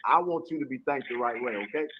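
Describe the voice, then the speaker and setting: A man's voice: medium pitch, fast. A man hosting an online interview show, speaking in an affectionate, effusive way. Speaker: host. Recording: lo-fi audio with faint hiss.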